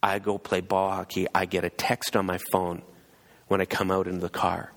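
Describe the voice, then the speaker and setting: Deep gravelly man preaching in a hall. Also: completely flat delivery, moderate pace, fairly bright tone. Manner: storytelling, acts out quoted voices. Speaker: pastor. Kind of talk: sermon. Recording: long hall reverb.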